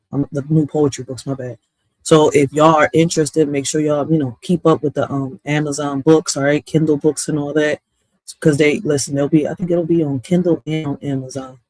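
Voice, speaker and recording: A woman's voice: low-pitched, a little mellow, no echo. A woman in her thirties, a poet and streamer, chatting casually to her viewers in a loose, profane way and laughing often. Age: 30s.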